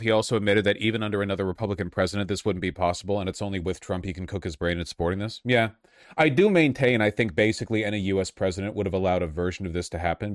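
Man, political commentator, heated and profane, lowish voice, dry close sound. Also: no room sound. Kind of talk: casual reaction commentary on clips.

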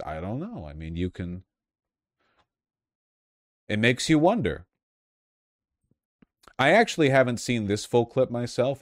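Male commentator, lowish voice, sarcastic and restless, dry close sound. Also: no room sound. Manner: sarcastic, restless, many restarts. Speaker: political commentator. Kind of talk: casual commentary, reading articles aloud.

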